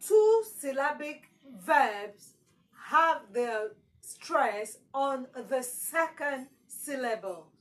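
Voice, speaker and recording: A woman's voice: high-pitched, expressive, extremely slow, poor audio. A woman teaching exam prep, repeating key words with strong emphasis. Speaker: English teacher.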